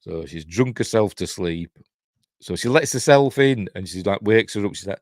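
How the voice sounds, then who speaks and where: Low-voiced Yorkshire man rambling through a film recap. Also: normal speed, no echo, studio quality. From Yorkshire, England. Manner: rambling, chuckling, acts out quoted lines. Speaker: film reviewer.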